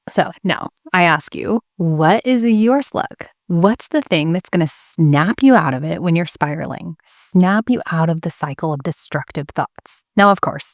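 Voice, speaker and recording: Earnest young Christian mom, low voice. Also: female voice, a little mellow, no echo, studio quality. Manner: earnest, candid storyteller. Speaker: Christian homemaking teacher. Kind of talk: faith-based talk to camera.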